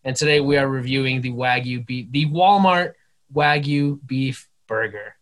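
A man's voice: medium pitch, normal speed, a bit bright. A young man co-hosting a casual podcast, joking and swearing freely as he leads the chat. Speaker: podcast co-host.

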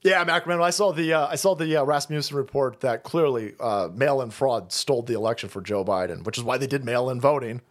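A man's voice: mid-range voice, fairly quick, hardly any pauses. A man hosting a stream, delivering a profane, sarcastic rant of political commentary. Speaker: streamer host.

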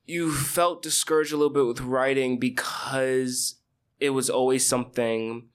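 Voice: medium pitch, fairly even intonation, a little slow, smooth. An interviewer who asks reflective questions and keeps the guest going with short, supportive replies. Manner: supportive, brief backchannels.

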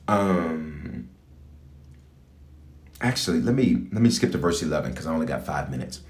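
Delivering an animated, repetitive call-and-response prayer sermon over a livestream, a bishop repeats phrases and urges listeners to respond aloud. His deep voice moves a little slowly, and the recording is reverberant.

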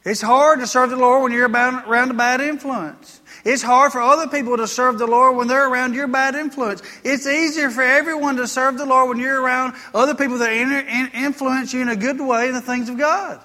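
Male pastor, folksy sermon storyteller, bright tone, long hall echo. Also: extremely high pitch, fairly even intonation, brisk, hardly any pauses. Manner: folksy storytelling preacher, rising to emphatic preaching. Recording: long reverb of a church hall.

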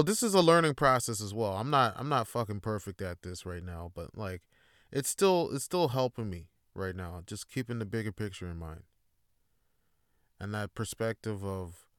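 A man's voice: low-pitched, a bit bright, no echo, studio quality. A man hosting a solo podcast, talking in a rambling, laid-back way with a lot of swearing. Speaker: podcast host. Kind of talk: casual solo monologue.

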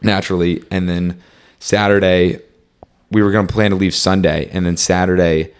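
A man's voice: low voice, little pitch movement, normal speed, clear, resonant tone. A young man telling a long travel story in casual conversation, full of "like" and "um", acting out what he and his friends said. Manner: rambling, fillers like "like" and "um", reenacts dialogue.

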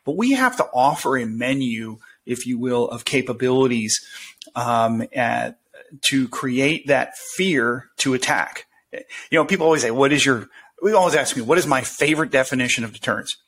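A man's voice: mid-range voice, lively intonation, moderate pace, fairly bright tone, slightly rough. A man who teaches as a professor, a guest on a podcast, talking with many hesitations and fillers. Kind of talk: interview conversation.

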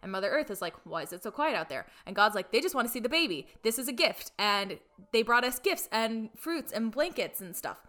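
A woman's voice: fairly high pitch, very animated, brisk, sharp tone. A woman in casual chat retelling a story, full of "like" fillers and playfully irreverent asides.

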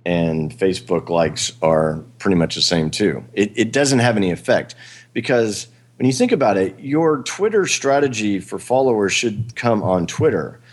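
Male podcast host, deep voice, loose rambling talk. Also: lively intonation, moderate pace, slightly rough. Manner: rambling, hesitant, frequent fillers and laughs. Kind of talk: casual chat.

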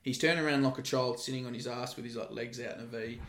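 A man, telling animated stories about his security work in casual podcast chat, swearing freely. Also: medium pitch, fast talker, echoey room. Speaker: guest, former security guard.

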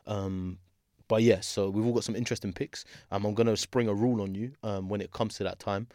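A man's voice: fairly low pitch, steady tone, fairly quick, warm tone, dry recording, clean studio sound. A young man hosting a podcast, laid-back and laughing often, full of slang. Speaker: podcast host. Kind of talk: casual chat.

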